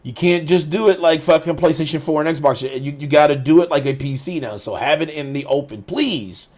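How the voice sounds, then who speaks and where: A man co-hosting a casual gaming podcast, swearing freely and telling animated stories. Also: fairly high pitch, fairly quick. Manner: profane, animated storyteller. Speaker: podcast co-host.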